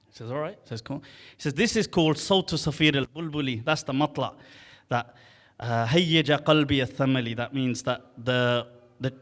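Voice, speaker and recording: A man telling a story in a casual, animated way, acting out the characters' lines and reciting classical Arabic poetry in a quick, rhythmic chant. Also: mid-range voice. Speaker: Islamic scholar telling a story. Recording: long hall reverb.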